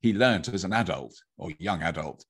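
An older English man with a fairly posh accent and a husky voice, telling stories in a rambling, casual conversation. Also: deep voice, expressive, moderate pace. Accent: English, fairly posh (received pronunciation trained). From England. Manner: rambling, storytelling, with laughs.

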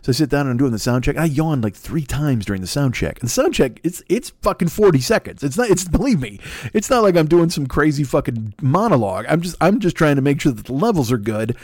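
Fast-talking crude older man podcaster. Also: on the high side, expressive, darkish tone, no echo, studio quality. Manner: rambling, crude, self-mocking riffs. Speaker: podcast host. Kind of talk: profane solo podcast monologue. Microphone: desk mic plugged into laptop.

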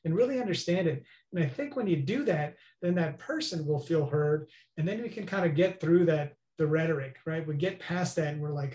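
A man's voice: a little high, brisk, hardly any pauses, darkish tone. Earnest man explaining, roomy sound. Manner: earnest, explanatory, often asks "right?". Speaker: guest expert. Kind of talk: interview conversation. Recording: roomy echo.

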